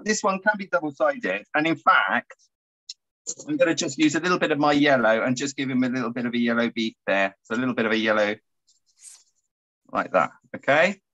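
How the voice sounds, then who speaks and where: A man guiding a paper craft tutorial, chatty and quick to laugh. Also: on the high side, lo-fi sound. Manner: animated, giggly and chatty. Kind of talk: casual craft tutorial chat.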